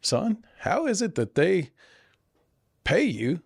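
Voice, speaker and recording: A man putting on the voice of an older farm grandmother with a sweet drawl, gently bemused. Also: high-pitched, huge pitch swings, slow pace, creaky, slightly rough, no room sound, studio quality, pitched above the performer's own voice, heavily acted.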